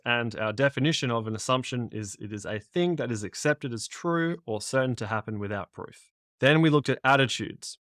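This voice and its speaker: A man's voice: medium pitch, fairly bright tone, dry recording. Aussie guy teaching an english lesson, dry close sound, explains things step by step. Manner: methodical, recaps and signposts each step. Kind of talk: lesson explaining exam concepts.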